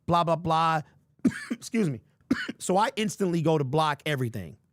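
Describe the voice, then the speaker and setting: A man's voice: a little high, lively intonation, normal speed, no room sound, studio quality. A man hosting a sports podcast in casual chat, joking, laughing at his own stories and talking straight to viewers.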